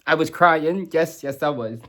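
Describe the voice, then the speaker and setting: A man's voice: a little high, unhurried, a bit bright. A young man giving an emotional, rambling review of a TV finale, full of fillers, restarts and swearing. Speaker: vlogger reviewing a TV show. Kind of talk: casual rambling reaction review.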